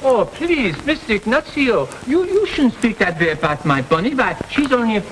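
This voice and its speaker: An actor playing a simple, gentle man devoted to his elephant, speaking with a soft stammer, in a 1940s film comedy. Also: very high-pitched, sing-song, moderate pace, slight background noise, heavily acted, rough recording. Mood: pleading. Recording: old film soundtrack with music.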